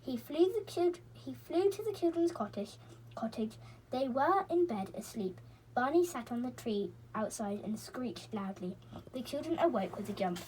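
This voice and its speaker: A woman reads a children's book aloud, gentle and expressive, now and then slipping and starting a word again. Her voice sits a bit high and moves with lively rises and falls. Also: normal speed, a little hiss or hum, low-quality recording. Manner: gentle and expressive, with small slips and restarts. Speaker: reader.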